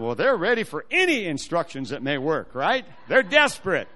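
A man telling a personal testimony as a sermon, animated and acting out the voices of the people in his story. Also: on the high side, brisk, hardly any pauses.

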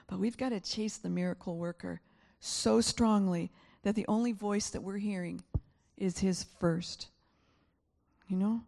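Gravelly-voiced woman preaching earnestly. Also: medium pitch, fairly even intonation, measured pace, dark tone. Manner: earnest, emotional storytelling with frequent repetitions. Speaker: pastor. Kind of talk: sermon.

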